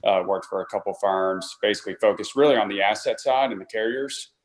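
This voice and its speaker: A man's voice: on the low side, a little fast. A young man, an insurance broker, introducing himself on a live panel in an easygoing way with some fillers.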